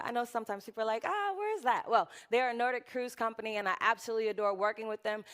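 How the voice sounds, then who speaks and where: Woman giving a fast chatty conference talk on stage, kinda high voice. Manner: lively, chatty, quick. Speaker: conference speaker. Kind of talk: conference presentation.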